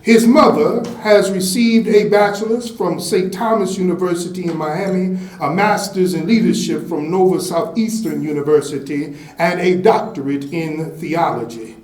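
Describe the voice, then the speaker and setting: A man's voice: sits high, normal speed, hardly any pauses, darkish tone. Man giving an echoey banquet speech. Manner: emphatic storyteller, repeats phrases to build momentum. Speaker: fraternity member giving an award introduction. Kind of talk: banquet speech with a told parable. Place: indoor banquet hall. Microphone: handheld microphone. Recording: echoey banquet hall, faint background noise.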